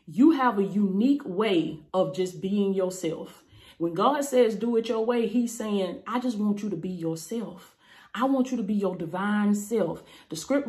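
A woman's voice: medium pitch, a little mellow. A woman preaching an online sermon, fervent and repetitive, calling her listeners baby. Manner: fervent, repeats phrases, calls listeners baby. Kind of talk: YouTube sermon.

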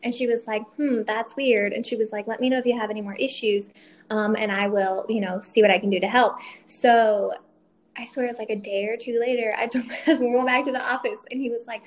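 A woman's voice: on the high side, steady tone, fast talker, slight background noise. A young woman, a military spouse, telling a story in casual chat, acting out quoted lines and laughing often.

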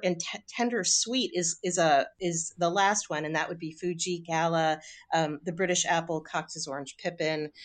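A woman guest on a studio radio show talks with enthusiasm, filling her explanations with small ums and you-knows. Her voice sits a little low for a woman. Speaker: cookbook author guest. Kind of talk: radio interview.

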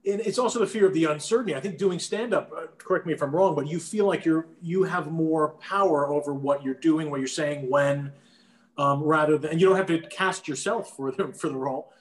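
A thoughtful man from New Jersey talking casually about acting. He stumbles over restarts as he thinks aloud, his voice is a bit high for a man, and the room gives it a noticeable echo. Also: a little fast. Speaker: actor, guest. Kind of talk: casual chat.

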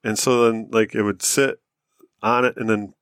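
A man's voice: on the low side, steady tone, moderate pace, a bit bright, clear, resonant tone, no room sound, clean studio sound. An American man co-hosting a podcast, chatting in an easygoing, laid-back way. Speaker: podcast co-host. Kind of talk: casual chat.

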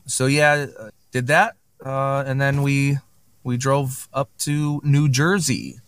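A man's voice: mid-range voice, level tone, slow pace, fairly bright tone, clear, resonant tone, no echo. A man chatting casually on a podcast, telling a long story with many fillers and restarts. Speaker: podcast guest.

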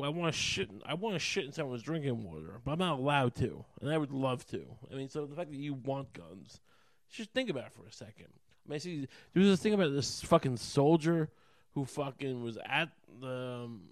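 A man's voice: medium pitch, no echo, clean studio sound. A man ranting alone as a podcast host, rambling and swearing often, heating up as he goes. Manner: profane, rambling, heated. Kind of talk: rambling solo rant.

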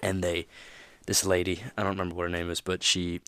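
A man's voice: low-pitched, monotone, a little fast, a bit bright, smooth, dry recording. A man hosting a motivational podcast, talking casually with plenty of fillers and restarts. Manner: rambling, lots of fillers and you-knows. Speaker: podcast host.

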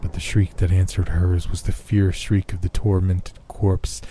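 A man narrating a horror story in a slow, measured way. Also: sits low, level tone, dark tone, a little hiss or hum.

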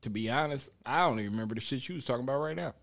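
A man's voice: medium pitch, racing, creaky, fairly bright tone. A young man in casual chat about a movie, laid-back and chiming in with short agreements.

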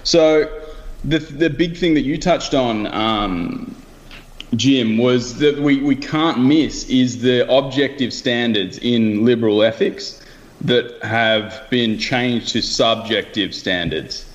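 A man's voice: medium pitch, slow. A man with a mid-range voice talks casually, thinking aloud and circling back on his own phrases. The recording sounds dull and lo-fi. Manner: loose, thinking aloud with restarts and asides. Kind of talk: casual conversation.

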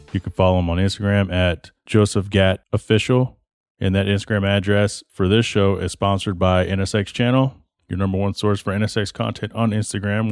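A man hosting a podcast, closing the episode with relaxed, upbeat thanks and plugs. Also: fairly low pitch, no room sound, studio quality. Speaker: podcast host. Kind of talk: casual podcast outro.

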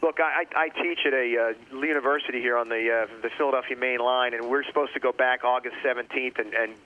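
A man's voice: mid-range voice, fast. A man who teaches at a university, giving opinionated, rambling takes as a guest on a sports talk show. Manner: opinionated, animated, rambling with restarts. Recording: dull lo-fi radio sound.

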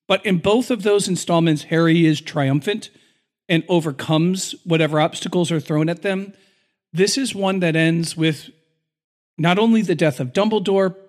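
A man co-hosting a podcast, recapping a film in an earnest, emotional storytelling way. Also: a little high. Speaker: podcast co-host.

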